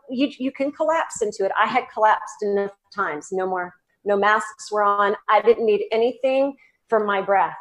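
A woman with a Southern accent, a psychic medium talking as a guest in an interview, animated and laughing, with many fillers and restarts. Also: mid-range voice. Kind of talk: casual interview talk.

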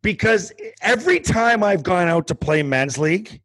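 A man's voice: high-pitched, lively intonation, normal speed, fairly bright tone, dry recording. A man co-hosting a podcast in casual chat, ranting in a worked-up, profane way. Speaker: podcast co-host.

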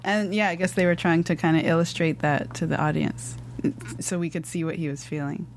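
A woman co-hosting a casual talk show, agreeable and quick to laugh. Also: lowish voice, steady tone, a little hiss or hum. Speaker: co-host. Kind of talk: casual chat.

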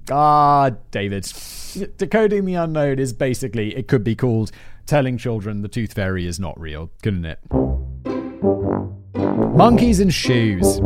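A man of middle pitch reads a story aloud and breaks off for sardonic, self-mocking asides, swearing now and then. He hosts a podcast and sits close to the mic. The recording is dry, with no echo at all. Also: a little mellow. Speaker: podcast host.

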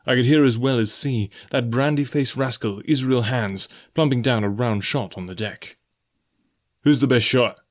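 A man's voice: mid-range voice, normal speed, few pauses. Man narrating a storybook. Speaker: audiobook narrator.

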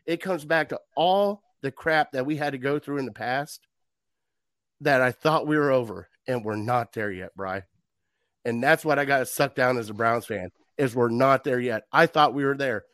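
A man ranting in a worked-up, animated way in a casual sports chat. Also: mid-range voice, normal speed, no echo, clean studio sound.

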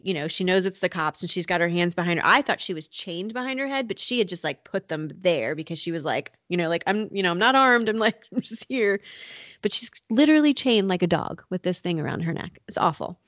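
Woman, low-pitched podcast host; casual true crime narration, filler-heavy, dry close mic. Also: animated, fast talker, few pauses, no room sound. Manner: conversational, many "like" and "you know" fillers. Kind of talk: casual storytelling chat. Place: North Carolina.

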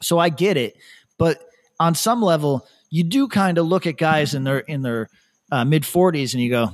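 A man hosting a podcast, telling rambling stories in casual chat, laughing often and dropping his voice low to quote people. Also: animated, moderate pace. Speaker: podcast host.

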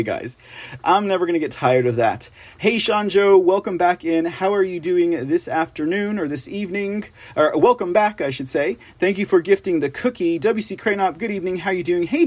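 A man hosts a live political commentary stream in a fairly high voice, recorded close and dry. He reads articles aloud, then breaks off to react with excitement and greet his chat by name. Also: husky, no echo. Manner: excitable, chatty, addresses viewers as guys. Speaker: host of a political commentary show.

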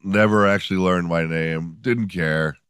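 A man's voice: low voice, fairly even intonation, unhurried, fairly bright tone, smooth, dry recording, clean studio sound. A man in his forties hosting a podcast, telling rambling comedic stories in a profane, sardonic way. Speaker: podcast host. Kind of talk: comedic storytelling monologue.

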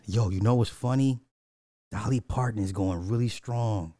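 A man's voice: lowish voice, a little slow, mellow, dry recording, clean studio sound. A man, reacting to music clips in casual commentary, blunt and petty, drawing out repeated words. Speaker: reaction streamer.

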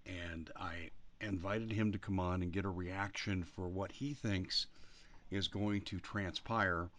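Low-voiced rambling male talk host. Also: fairly even intonation, slow, fairly bright tone. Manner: rambling, blunt, emphatic. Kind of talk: casual political talk.

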